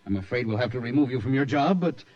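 An actor playing a brusque, impatient company boss, in 1940s radio acting. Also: male voice, medium pitch, lively intonation, fast talker, a little mellow, close to an everyday voice. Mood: nervous. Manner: dismissive, then nervously soothing. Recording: muffled old radio recording.

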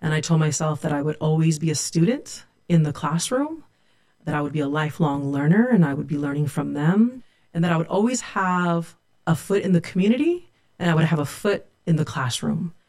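Professor guest, woman; warm reflective storyteller. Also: sits low, expressive, a little fast. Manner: earnest, reflective storytelling with quoted dialogue. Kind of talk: storytelling interview.

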